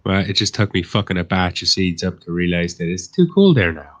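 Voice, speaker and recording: A man's voice: low voice, sing-song, brisk. A man on a casual live panel chat, talking bluntly and swearing freely. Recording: dull lo-fi audio with faint noise.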